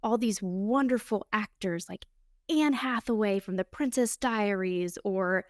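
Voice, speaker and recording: A woman's voice: mid-range voice, a little slow, dry recording, studio quality. Candid woman hosting a solo podcast. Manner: earnest, candid, openly emotional storytelling. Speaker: podcast host.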